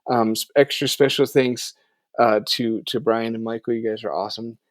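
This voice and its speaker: A man's voice: medium pitch, fairly even intonation, normal speed, no room sound. Easygoing male podcast host, dry sound. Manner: rambling, self-correcting, wraps up with offhand plugs. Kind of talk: casual podcast chat.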